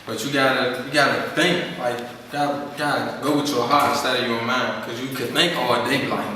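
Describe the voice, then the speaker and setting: In a casual talk at a skills program, a young man tells stories to his audience and performs the quoted voices. He speaks at a moderate pace with fairly even intonation, few pauses, and a mid-range voice. Recorded from a distance in an echoey hall, the audio carries faint noise and crowd sounds.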